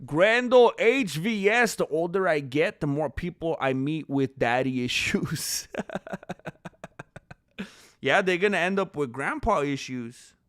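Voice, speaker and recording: Bright, forceful man chatting on stream. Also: fairly high pitch, a little slow, no echo, clean studio sound. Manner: animated, swings from calm musing to loud disbelief. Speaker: MMA news YouTuber. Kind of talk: casual livestream chat, reading comments.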